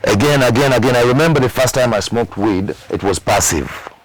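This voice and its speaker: A man's voice: mid-range voice, expressive, a little fast, slight background noise, poor audio. A man with a Ugandan accent, a musician candidly telling his story in an interview, repeating words for emphasis and acting out old conversations. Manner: repeats words for emphasis, acts out past dialogue. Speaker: musician recounting his past.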